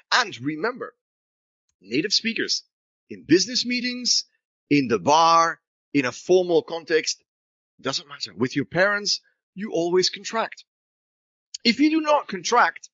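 A man's voice: fairly high pitch, sing-song, measured pace, pauses often, sharp tone, no echo, muffled recording. A man teaching an English grammar lesson to Spanish speakers, asking and answering his own questions and switching into Spanish to explain.

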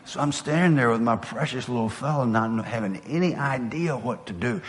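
A man's voice: medium pitch, expressive, fairly quick, hardly any pauses, slight background noise. An older man, a former football coach, giving an earnest motivational speech full of personal stories. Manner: earnest, storytelling, drops soft for emotional moments. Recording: long hall reverb.

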